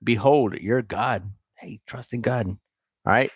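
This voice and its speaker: A man's voice: medium pitch, slow, breathy edge, dry recording. A man reading a chapter of scripture aloud and breaking off to comment on it and greet his viewers. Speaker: scripture reader.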